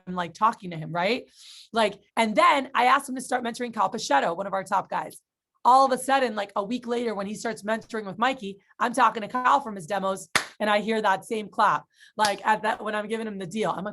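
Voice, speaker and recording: A woman sales manager leading a training workshop, telling stories casually and acting out excited reactions. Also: mid-range voice, brisk. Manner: casual, filler-heavy talk.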